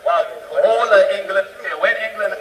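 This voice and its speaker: A man chats with visitors among a loud crowd, teasing and playful. His voice runs high. He is picked up from a distance in an echoey outdoor setting. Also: normal speed. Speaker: roving reporter. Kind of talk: crowd interviews.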